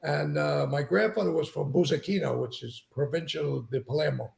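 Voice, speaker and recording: Male host, casual chat, very gravelly, slightly high pitch, earnest. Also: moderate pace, a little mellow.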